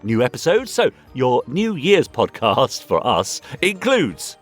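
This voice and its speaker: A man's voice: medium pitch, big pitch swings, slow pace, soft background music. A man co-hosting a podcast in casual chat, playful and jokey in his banter. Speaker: podcast co-host. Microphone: remote recording.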